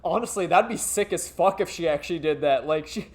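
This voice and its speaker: A woman's voice: fairly low pitch, a little fast, a little mellow. A woman giving casual let's-play commentary, swearing freely and laughing a lot.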